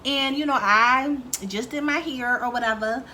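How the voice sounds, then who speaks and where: Young woman vlogger, bright and slightly high voice, chatty storyteller, faint background ambience. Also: normal speed, slight background noise. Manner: chatty, animated, swears freely, acts out quotes. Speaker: beauty vlogger. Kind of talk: casual storytelling vlog.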